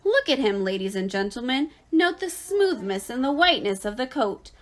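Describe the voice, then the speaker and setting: A pompous male fair announcer, put on by a woman reading a storybook aloud, booming formal praise to the crowd. The delivery is grand and stately, with a bright lift in the voice. He sounds every inch the official. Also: very animated, normal speed.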